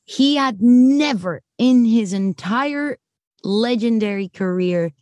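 A young adult woman, a film director and podcast guest, telling lively, profanity-laced stories from a shoot. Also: fairly high pitch, takes it slowly, dry recording. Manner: animated and lively, swears freely. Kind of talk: casual interview storytelling.

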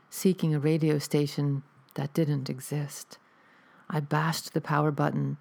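Female horror narrator, dark mellow tone, steady reading. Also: low-pitched, gravelly. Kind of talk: scripted horror story narration.

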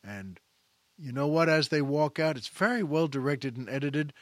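Animated man retelling a film scene. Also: a little high, normal speed, no room sound, clean studio sound. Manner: animated, acts out quoted lines. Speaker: film commentator.

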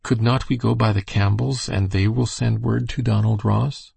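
A man's voice: lowish voice, steady tone, moderate pace, creaky, a little mellow, breathy edge, no room sound, full character voice. A man reading as a kind, anxious minister's wife.

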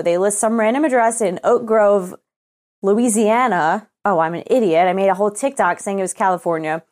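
A woman's voice: medium pitch, expressive, normal speed, darkish tone. A young woman co-hosting a podcast, telling a story as a casual rant, swearing freely and acting out both sides of her email exchanges. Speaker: podcast co-host.

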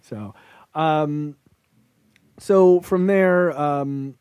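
A man's voice: on the high side, very slow, darkish tone, clear, resonant tone, no room sound. Laid-back profane podcast co-host, man. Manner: loose and profane, laughs often, quotes characters. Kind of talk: casual film discussion.

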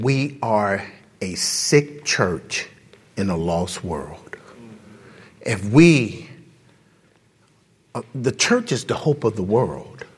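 A man's voice: on the high side, darkish tone, slightly rough. A man preaching an impassioned sermon to his congregation, speaking to them directly and asking rhetorical questions. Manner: conversational, addresses the congregation directly. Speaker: pastor.

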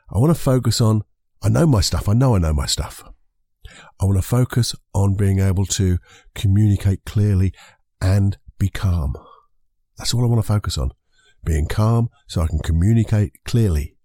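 A man with a low, husky, mellow voice, talking the listener through a self-help method. He speaks directly to them and keeps repeating the key words. The sound is dry and close, with no room in it. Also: dry recording. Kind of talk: motivational self-help talk.

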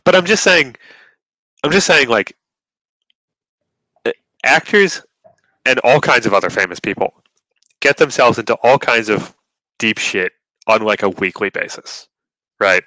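Podcast co-host, male, bright and crisp, stammering, sweary, casual chat on a dry-sounding mic. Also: medium pitch, animated, measured pace, pauses often, dry recording, low-quality recording. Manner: stammering restarts, repeats words; profane, exasperated rants.

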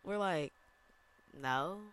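A young woman from Chicago hosts a solo podcast from her bedroom. She talks at an unhurried, drawn-out pace, rambling from one thought to the next. Her chat is casual and slangy, and she laughs easily. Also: sits low, a bit bright, clear, resonant tone. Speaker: podcast host.

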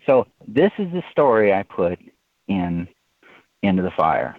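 A man's voice: low voice, sing-song, measured pace, dry recording. A man who is an author, telling a rambling anecdote in an interview and often saying "you know". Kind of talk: storytelling in an interview. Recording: tinny phone-like line.

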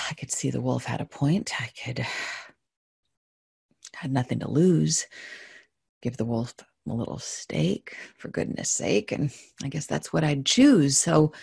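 Woman storyteller, low husky voice, slow and playful delivery in rhyme. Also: no room sound, clean studio sound. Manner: gentle, playful, musing. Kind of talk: reading a rhyming story aloud.

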